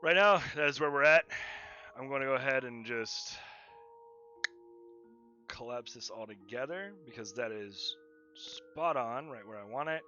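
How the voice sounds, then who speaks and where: Man, casual livestream chatter, rambling, frequent laughs, bright tense voice, faint music behind. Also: medium pitch, measured pace, pauses often, dull audio. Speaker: livestreaming digital artist. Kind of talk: casual chat while drawing on stream.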